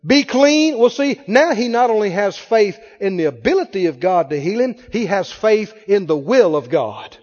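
A man's voice: high-pitched, lively intonation, a little mellow. A man preaching a sermon as pastor, who keeps asking his congregation questions. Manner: asks the congregation rapid questions. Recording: dull recording in a reverberant hall.

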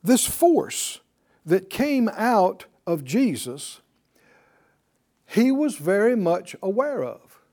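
Animated man teaching a Bible lesson. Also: sits high, very slow. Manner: asks the class questions and has them repeat lines; emphatic, repeats key words. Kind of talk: call-and-response Bible lesson.

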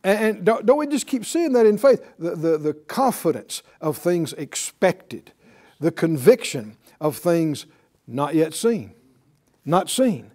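Lively preacher, male, high and expressive voice, chuckles through his points. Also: takes it slowly. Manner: lively, laughing asides, quotes scripture, acts out little dialogues. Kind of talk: sermon.

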